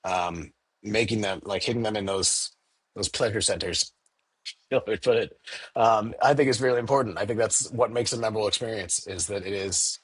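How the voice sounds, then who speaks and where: A candy store owner in a casual interview, talking animatedly and acting out little quoted exchanges in a raised voice. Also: male voice, lowish voice, moderate pace, slightly rough, dry recording.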